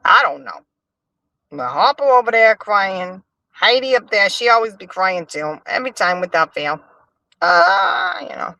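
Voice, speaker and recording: A woman hosting a livestream, chatting in a sassy, animated gossip style and answering her chat. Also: mid-range voice, unhurried, creaky, dry recording. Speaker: livestream host. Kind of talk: casual gossip commentary.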